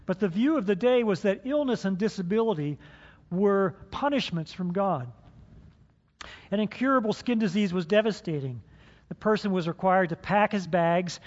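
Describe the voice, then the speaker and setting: A man preaching a sermon to his congregation, playful and dramatic as he stages a role-play with them in a church hall. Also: sits high. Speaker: pastor. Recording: dull sound with long hall reverb.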